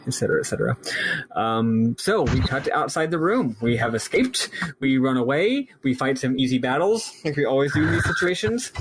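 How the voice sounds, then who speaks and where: A man's voice: medium pitch, expressive, moderate pace, slight background noise, rough recording. A man hosting a casual podcast who recaps a game in a loose, rambling way with lots of fillers. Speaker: podcast host.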